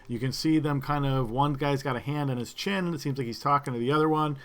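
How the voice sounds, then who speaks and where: A man narrating a tabletop game as game master, describing scenes with frequent halting fillers. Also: mid-range voice, a bit bright.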